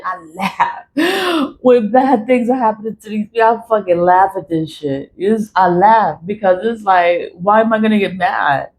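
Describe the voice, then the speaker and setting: A woman's voice: medium pitch, normal speed, darkish tone, a little hiss or hum, poor audio. A woman talking straight to camera about her spiritual cleansing practice, blunt and swearing, laughing between her points. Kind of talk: casual monologue to camera.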